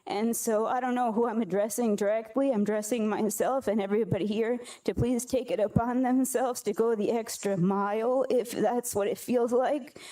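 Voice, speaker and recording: Woman public commenter, tearful and earnest, mellow tone, at a podium mic in a council chamber. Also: a little high. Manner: earnest, halting, apologetic. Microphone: podium microphone.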